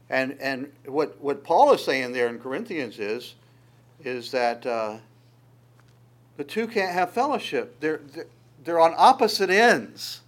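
A man preaching a sermon, lively and conversational, often stammering on repeated words and acting out quoted voices. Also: on the high side, slow, pauses often. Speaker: pastor.

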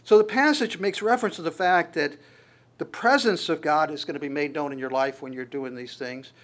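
Guy preaching a sermon, kinda high voice, chatty, lots of restarts and stammers. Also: fairly quick. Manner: conversational, quotes scripture and acts out voices in passing.

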